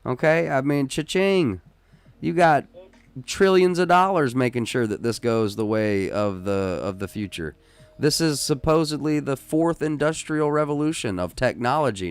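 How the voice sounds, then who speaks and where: A man hosting a casual live-stream podcast, who talks in an emphatic, rambling way with many restarts and works himself up into loud, excited rants. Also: mid-range voice, dry recording. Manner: rises into loud, excited ranting. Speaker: podcast host.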